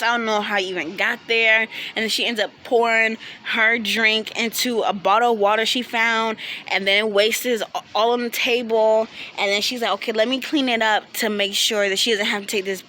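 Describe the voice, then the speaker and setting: A young woman, casually telling a storytime with animated quotes and bursts of laughter. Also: a little high, slight background noise. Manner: animated, laughing, quoting friends in quick bursts. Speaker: vlogger.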